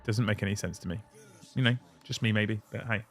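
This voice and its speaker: A man's voice: on the low side, fairly quick, fairly bright tone. A man hosting a casual livestream, ranting bluntly and swearing as he reads viewer messages. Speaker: streamer host reading super chats.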